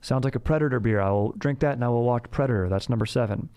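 A man's voice: medium pitch, fast talker, darkish tone, smooth. A man hosting a comedy podcast, rambling in slangy, laid-back banter. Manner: slangy, rambling, says dude a lot. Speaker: podcast host.

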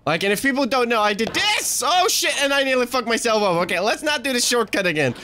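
A man hosting a let's play, commenting on his game and getting frustrated, swearing, talking himself down and shouting at the game. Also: very high-pitched, sing-song, fast talker, slight background noise. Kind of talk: gaming commentary.

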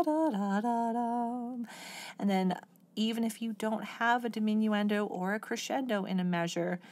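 A middle-aged woman giving a patient, explanatory oboe lesson, sometimes singing short example phrases. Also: mid-range voice. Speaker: oboe teacher. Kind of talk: instructional music lesson.

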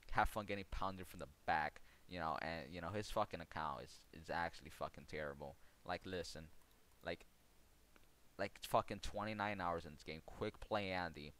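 A man's voice: deep voice, normal speed, fairly bright tone. A young man streamer telling a sarcastic, heavily profane story about a gaming rival, mocking him throughout. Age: young adult. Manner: sarcastic, swears constantly.

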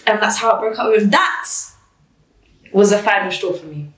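A woman telling a personal story in an interview, blunt and animated, swearing freely. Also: medium pitch, normal speed. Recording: roomy, distant mic.

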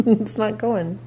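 A woman's voice: mid-range voice, dark tone. A woman talking in a casual family vlog, chatty and proud, laughing often. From Seattle area, USA. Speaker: vlogger mom.

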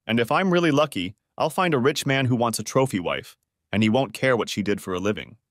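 A man voicing a confident, charming young woman who talks in a smooth, self-assured way. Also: medium pitch, expressive, a little fast, dry recording, studio quality, lightly acted.

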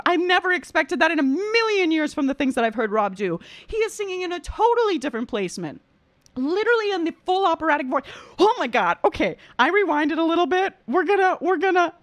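Excitable woman reacting live, high and super animated, lots of "like" and gasps, dry close mic. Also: moderate pace, dry recording. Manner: excitable, gasping exclamations, many "like"s; switches to calm technical vocal critique. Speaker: opera singer reacting to a video.

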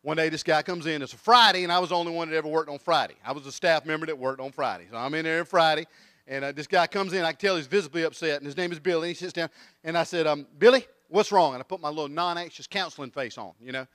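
Middle-aged preacher, high-pitched, animated storyteller. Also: male voice, quick pace, no room sound, clean studio sound. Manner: animated storyteller, acts out voices. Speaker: guest preacher. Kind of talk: sermon with comic storytelling. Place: church.

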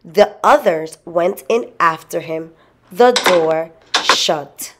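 A woman reading a children's story aloud in a slow, expressive way. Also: fairly low pitch, very noisy. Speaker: storybook reader.

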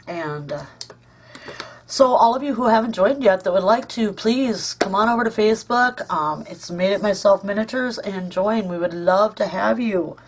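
A woman's voice: medium pitch, husky. A woman hosting a casual craft vlog at home, gushing and chatty with lots of ums and uhs. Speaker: crafting channel host.

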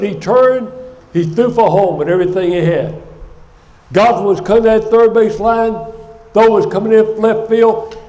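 An older man preaching a sermon in a church, telling a story with animated energy. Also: high-pitched. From United States. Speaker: guest speaker. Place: church sanctuary. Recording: echoey church sanctuary.

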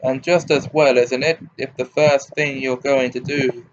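A wry, teasing grown man, as a male audiobook reader puts him on speaks in a dry, brisk way at a middling pitch. The recording sounds slightly dull, with a faint hiss underneath. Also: level tone, lightly acted. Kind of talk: audiobook character reading.

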